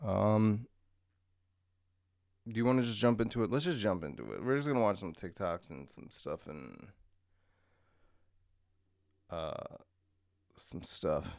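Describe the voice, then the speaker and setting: Tired, crude, gravelly-voiced male streamer. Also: fairly low pitch, sing-song, a little slow, pauses often, darkish tone, no echo, studio quality. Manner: tired, rambling, crude and self-mocking. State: tired, clearing his throat. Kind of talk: casual morning stream chat. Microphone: desk mic.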